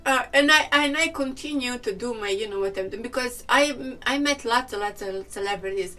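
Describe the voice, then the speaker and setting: Chatty woman with a bright voice. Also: fairly high pitch, moderate pace, few pauses, far from the mic, soft background music. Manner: chatty, laughs often, acts out quoted people. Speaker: vlogger, hair and wig specialist. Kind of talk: casual storytelling to camera.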